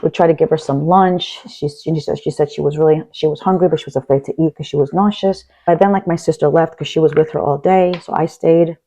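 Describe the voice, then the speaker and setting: A woman's voice: deep voice, steady tone, fairly quick, hardly any pauses, mellow. A middle-aged woman vlogger, rambling bluntly through a personal story while doing her makeup. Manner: rambling, blunt, swears, fillers like blah blah. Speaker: beauty vlogger. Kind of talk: casual get-ready-with-me chat.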